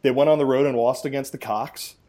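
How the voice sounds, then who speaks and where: A man with a middle-pitched voice hosts a casual sports podcast. He talks in a wry, chatty way and runs through results in quick lists. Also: steady tone, dark tone. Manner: wry, chatty, rattles off scores. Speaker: podcast host.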